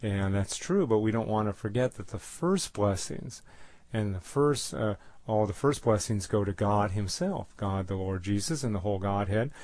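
A man's voice: fairly low pitch, expressive, moderate pace, a little mellow, dry recording. A man preaching a bible study sermon, reading verses aloud with stressed words and adding plain explanations with fillers.

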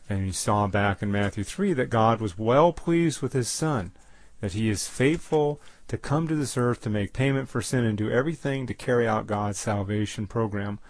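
A man giving a Bible teaching, halting often with fillers and restarts. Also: on the low side. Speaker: preacher.

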